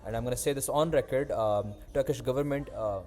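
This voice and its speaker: Young male host, mellow tone, animated rambling storyteller who swears freely. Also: mid-range voice, brisk. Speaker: podcast host. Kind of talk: casual chat.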